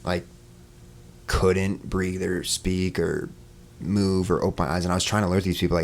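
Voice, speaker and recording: A man's voice: sits low, unhurried. A man who is a podcast guest, telling a story in casual talk, loose and full of fillers, sometimes acting out the voices he quotes. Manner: relaxed, many fillers, acts out quoted voices.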